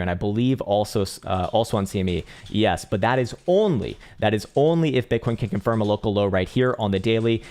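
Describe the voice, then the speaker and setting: A young man with a fairly low voice runs a live crypto trading stream. He talks chart analysis in a loose, animated way, swearing freely and laughing often as he goes. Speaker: crypto trading livestream host. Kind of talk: casual live market analysis.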